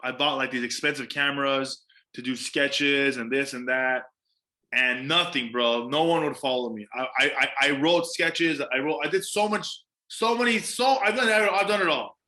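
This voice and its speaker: A man's voice: mid-range voice, moderate pace, bright, forceful tone. A man, a stand-up comedian, chatting casually on a podcast, emphatic and profane, repeating words for stress.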